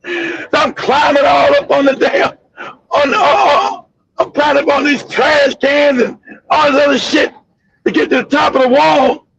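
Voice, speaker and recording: A man hosting a livestream, telling a crude story in an animated, profane way with loud outbursts. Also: extremely high pitch, normal speed, gravelly, dull audio, slight background noise. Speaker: host.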